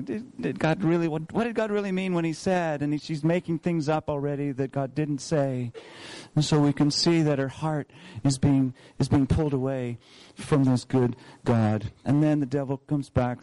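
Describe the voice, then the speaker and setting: Mellow-voiced man preaching a sermon. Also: mid-range voice, no room sound. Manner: asks rhetorical questions and repeats key phrases. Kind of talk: sermon teaching through scripture.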